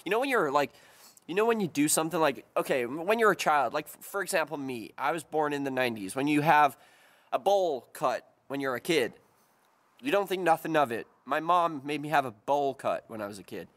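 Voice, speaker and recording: A man's voice: a little high, lively intonation, a little fast, fairly bright tone, no room sound. A man in his twenties chatting casually to the camera in a vlog, rambling and joking as he tells stories outdoors. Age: 20s. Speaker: vlogger. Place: outdoors in a quiet open field.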